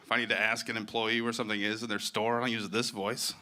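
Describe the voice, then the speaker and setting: A man doing a stand-up set on a comedy stage, self-deprecating and profane, telling his stories in an animated way. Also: fairly low pitch, quick pace. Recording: live set with clear background noise.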